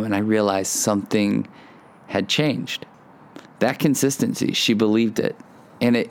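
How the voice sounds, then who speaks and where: A man preaching a conversational sermon, telling a family story and talking straight to his listeners with earnest, casual phrasing that jumps into sudden high, excited bursts. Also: clear, resonant tone. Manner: casual fillers and restarts, addresses listeners directly. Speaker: pastor.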